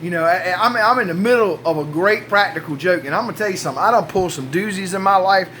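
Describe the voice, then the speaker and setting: A man's voice: sits high, fast, bright, forceful tone, slight background noise. A man telling a rambling, profane comic story about his own life and swearing constantly.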